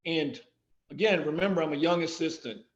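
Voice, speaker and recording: Brief: male podcast guest, high-ish voice, animated anecdotes, roomy and muffled recording. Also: a little fast. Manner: animated anecdotes, quoting others. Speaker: guest, athletic director and former coach. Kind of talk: storytelling in a casual podcast interview.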